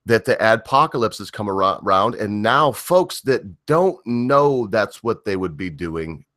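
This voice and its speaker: Man, middle-aged, livestream host, profane rambling rant, low voice, very animated pitch. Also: dry recording, clean studio sound.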